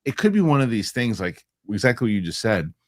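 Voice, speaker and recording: A man with a lowish, sing-song voice hosts a casual panel discussion about films. He's a fast talker who pushes his points emphatically, repeating himself as he goes.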